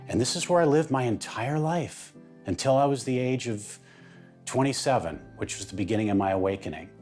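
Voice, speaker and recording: A man's voice: mid-range voice, expressive, brisk, darkish tone, soft background music. A man speaking as an interview guest, telling a personal story in an emphatic way that builds in intensity.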